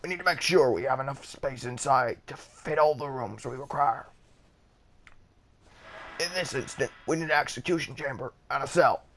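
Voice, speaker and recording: A man's voice: mid-range voice, normal speed, a bit bright. A man doing Rick, a cranky cartoon scientist. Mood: lecturing.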